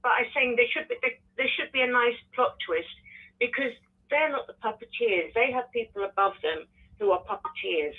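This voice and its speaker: A woman's voice: a little high, moderate pace, husky. British woman caller, blunt and opinionated, tinny phone sound. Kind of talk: phone-in comment.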